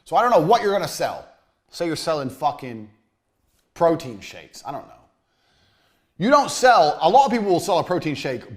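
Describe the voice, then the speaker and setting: A man giving a blunt, crude business lecture in a university room. He swings between loud, forceful emphasis and low, muttered asides. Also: wildly swooping pitch, a little fast. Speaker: business speaker.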